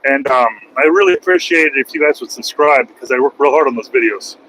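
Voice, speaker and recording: A man's voice: medium pitch, quick pace, pushed and bright, slight background noise, poor audio. A middle-aged man, a trucker, chatting on a casual live stream from his cab, rambling and joking at his own expense. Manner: rambling, joking, self-mocking. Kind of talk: casual live-stream chat while driving.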